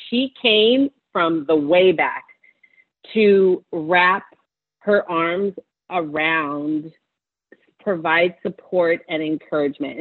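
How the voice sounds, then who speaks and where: Teary passionate woman doctor on a phone line. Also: on the low side. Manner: passionate, warm-hearted, preaching encouragement. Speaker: physician. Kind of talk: interview answer, emotional testimony.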